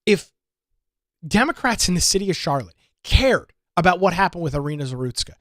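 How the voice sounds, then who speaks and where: Man, talk show host, emphatic political commentary, raised pitch, dry studio mic. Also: sing-song, a little fast, dry recording. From North Carolina. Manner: impassioned, emphatic, repeats words when stressing points.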